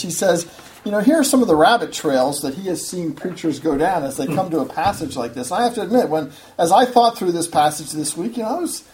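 A man's voice: on the high side, a little mellow. Earnest man preaching a sermon. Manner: earnest, conversational, with restarts. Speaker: pastor.

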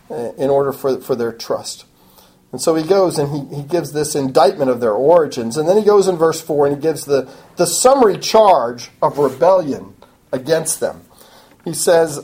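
Woman Bible teacher, lowish warm voice, lively swings in pitch, emphatic sermon delivery. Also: low-quality recording. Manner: emphatic, animated preaching with frequent asides. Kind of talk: expository sermon.

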